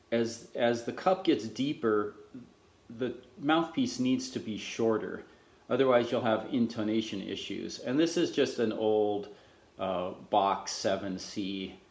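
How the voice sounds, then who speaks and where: Middle-aged man, slow and unhurried, explaining his gear with many restarts, roomy echo. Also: on the low side, a little mellow. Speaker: trumpet mouthpiece maker. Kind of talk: casual demonstration lesson. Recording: echoey room.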